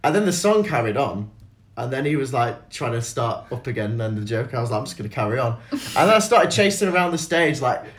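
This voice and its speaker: A man telling stories in a casual chat, animated, swearing freely and acting out other people's voices. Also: mid-range voice, fast talker.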